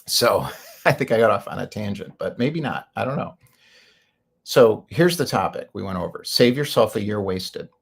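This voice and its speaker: Man, host, gravelly voice, husky tone, rambling and opinionated. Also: fairly low pitch, expressive, moderate pace. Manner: rambling, opinionated, laughs often. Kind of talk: casual monologue.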